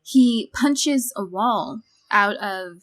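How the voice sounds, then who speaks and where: A woman's voice: mid-range voice, expressive, extremely slow, fairly bright tone. A woman co-hosting a podcast, casually discussing a film and retelling its scenes with quoted lines. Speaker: podcast co-host.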